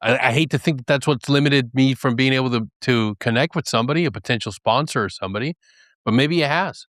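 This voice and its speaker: A man's voice: medium pitch, fast talker, a bit bright, dry recording, studio quality. A man in casual podcast conversation, telling stories earnestly and candidly. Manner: earnest, candid storytelling with acted quotes and laughs.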